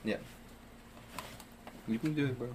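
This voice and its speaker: A man's voice: medium pitch, measured pace, heavy background noise. A man from the United States co-hosting a casual podcast, with laid-back, crude banter. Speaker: podcast co-host.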